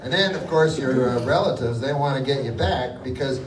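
Deadpan rambling comedian, live crowd. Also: male voice, mid-range voice, brisk. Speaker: stand-up comedian. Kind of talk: live stand-up set. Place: live comedy venue with audience. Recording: echoey room from far off with loud crowd noise.

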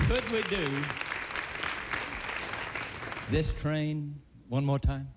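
A man's voice: a little high, animated, drawn-out words, long pauses, over a noisy crowd, heavy background noise. A man hosting a live gospel TV show, folksy and upbeat, calling out to guests and the audience. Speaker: TV show host. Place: large theater with live audience. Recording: dull old broadcast audio in a reverberant hall.

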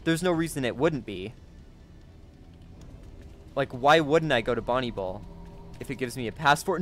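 Guy doing a let's play, jumpy, yelps and gasps a lot, middle pitch voice, faint music behind. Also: moderate pace, long pauses. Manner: jumpy and excitable, gasping and yelping at scares. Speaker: gaming YouTuber.

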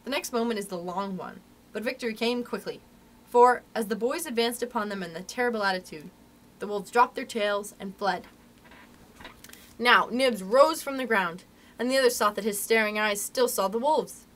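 A young adult woman, a librarian, reading a story aloud to children in an expressive, animated way. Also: fairly high pitch, moderate pace.

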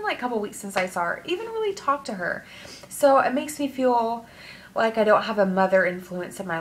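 A young woman talking through her feelings in a personal vlog, halting and emotional, with many fillers and restarts. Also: mid-range voice, a bit bright. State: tearful. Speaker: vlogger.

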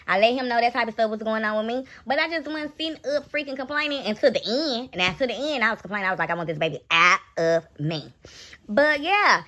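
A woman's voice: a little high, pushed and bright. A young woman ranting bluntly and profanely in a raw live reaction vlog, mocking and scolding. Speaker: reaction vlogger.

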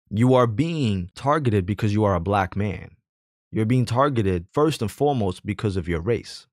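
A man talks straight into a dry, close mic with a low voice. He argues earnestly and builds his case from personal stories, pressing each point with rhetorical questions. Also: no room sound. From Jamaican heritage, raised in the hood. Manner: earnest, argumentative, tells personal anecdotes. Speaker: commentator. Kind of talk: opinionated personal commentary.

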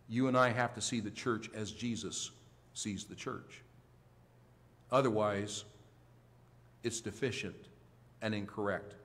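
Emphatic male pastor preaching in reverb. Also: medium pitch. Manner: emphatic preaching with sudden loud rises and soft drops. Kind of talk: sermon. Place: church sanctuary.

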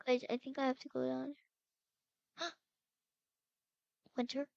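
A woman's voice: high voice, monotone, quick pace, creaky, a little mellow, no room sound, muffled recording. A young woman narrating her character in a role-play game, anxiously calling out while she searches for her missing sister.

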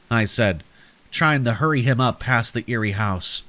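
A man narrating a scripted horror story in a slow, dramatic storytelling manner. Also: mid-range voice, a bit bright.

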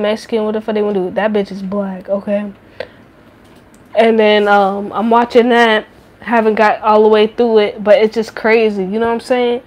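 A woman's voice: fairly high pitch, a little mellow, rough recording. A woman in her late twenties chatting casually on a livestream, profane and rambling, talking back to her chat. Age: late 20s.

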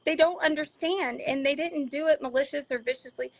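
A woman, a mother, talking earnestly in a casual discussion and acting out quotes now and then. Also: high-pitched. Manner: earnest, quick to act out quotes. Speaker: parent guest.

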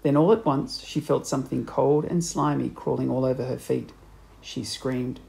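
A man reading a children's book aloud, with expressive, animated storybook narration. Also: medium pitch, normal speed, vocal fry, rough recording. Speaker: audiobook reader.

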